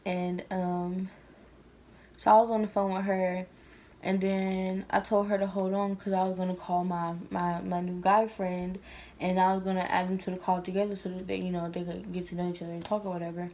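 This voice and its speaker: A woman's voice: fairly low pitch, little pitch movement, normal speed, darkish tone. A woman vlogging at home, telling a personal story in casual chat, rambling with lots of fillers.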